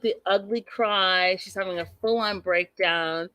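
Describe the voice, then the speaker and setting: A woman hosts a live TV recap show, chatting casually and animatedly and reacting to the live chat, full of asides and filler words. Her medium-pitched voice has a sharp tone and fairly even intonation, a little slow with few pauses, and there's no room sound.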